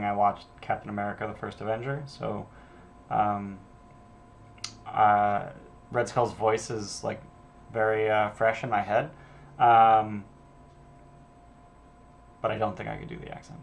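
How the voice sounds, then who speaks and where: A man's voice: fairly low pitch, steady tone, unhurried, vocal fry, pauses often, slight background noise. A man running a casual solo prep stream as a game master, thinking aloud and reading adventure text in an offhand way, with some casual swearing.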